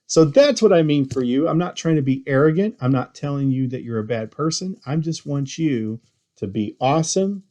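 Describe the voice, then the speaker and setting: A middle-aged man from Texas, a business owner, giving casual motivational tips in an earnest storytelling manner and growing animated when he quotes himself. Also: fairly high pitch.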